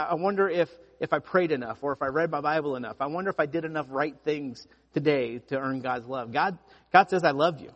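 A pastor preaching a sermon, telling stories with lively emphasis and frequent restarts. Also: male voice, on the high side, long reverb tail, highs cut off. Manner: animated storytelling with repeated restarts.

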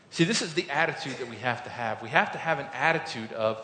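A man preaching a sermon, telling a personal story with earnest emphasis, swinging between loud points and quiet reflective lines. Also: expressive, fast, few pauses. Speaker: pastor. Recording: echoey hall with faint rumble.

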